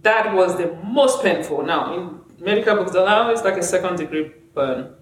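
A middle-aged woman, a clinician, telling her story in a casual chat, animated and laughing often as she acts out what people said. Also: fairly low pitch, moderate pace, roomy sound, slight background noise. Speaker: clinician guest. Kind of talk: casual conversation.

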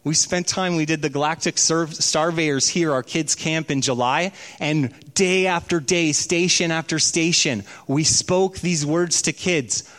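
High-voiced man preaching a sermon. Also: fairly bright tone. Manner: storytelling, slows down for emphasis. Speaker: pastor.

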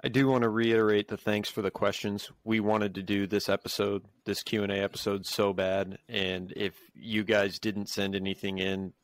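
A man with a lowish voice co-hosting a podcast, earnest and a little halting as he restarts his sentences. The sound is close and dry. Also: little pitch movement, no room sound. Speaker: podcast co-host. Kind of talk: casual podcast chat.

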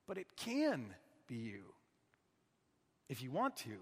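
A man with a high voice delivers a sermon, earnest and conversational, often turning to his listeners with questions. His words ring out with the long reverb of a large church hall. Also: wildly swooping pitch, normal speed, pauses often, a bit bright. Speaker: guest preacher.

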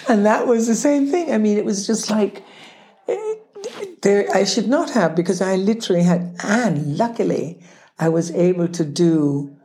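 A woman's voice: medium pitch, a little slow, long pauses. An older woman, an actress guest, telling stories in a casual chat, laughing often and acting out what people said. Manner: lively storyteller, laughs often, acts out quoted voices.

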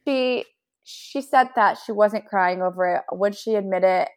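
A woman's voice: mid-range voice, measured pace, smooth. A young woman co-hosting a podcast, chatting casually and recapping celebrity gossip with quoted asides. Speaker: podcast co-host.

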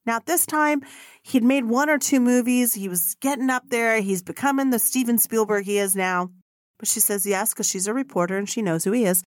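A woman's voice: fairly high pitch, brisk, dry recording, studio quality. A woman hosting a solo podcast, telling stories in a blunt, profane way and acting out the people she quotes. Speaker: podcast host.

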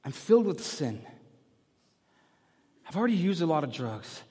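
A man in his thirties preaching a sermon as pastor, telling a personal story with candor, moving between loud emphatic lines and hushed ones. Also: fairly high pitch, big pitch swings, normal speed, slightly rough. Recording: long reverb of a big hall.

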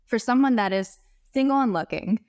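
A woman's voice: on the high side, lively intonation, a little mellow, no room sound. Thoughtful woman host, dry close sound. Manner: thoughtful, unhurried questioning. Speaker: podcast host. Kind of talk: interview questions.

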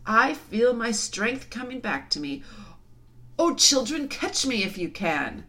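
A majestic male lion speaks in slow, measured tones, voiced by a woman reading a storybook aloud. The voice sits low and solemn yet rises and falls with feeling. He sounds calm and commanding. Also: exaggerated voice. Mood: joyful.

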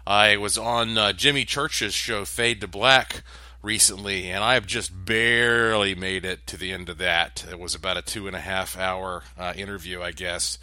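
A man with a fairly low but bright, forceful voice hosts his own daily video update. He rambles casually, full of fillers and restarts. The sound is dry and close, with no room echo. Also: steady tone, normal speed. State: voice strained from overuse. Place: home condo in a high building.

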